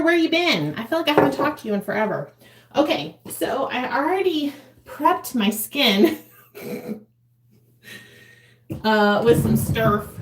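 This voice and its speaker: A woman's voice: mid-range voice, roomy sound. A woman in her forties chatting casually to a live chat while doing her makeup at home, laughing often. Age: 40s. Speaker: vlogger.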